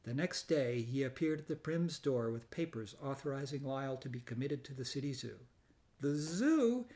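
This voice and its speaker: A man narrating a children's storybook in a gentle, measured way. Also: medium pitch, steady tone. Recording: reading over loud background music.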